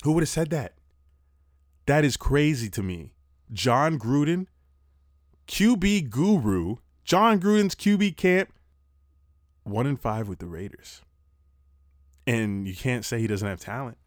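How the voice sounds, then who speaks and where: A young man rattles through a casual football recap, animated and profane, breathing heavily into a close mic. His voice sits in a middle register, and the recording is dry with no room sound. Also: medium pitch, unhurried, long pauses, no room sound. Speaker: sports podcast host.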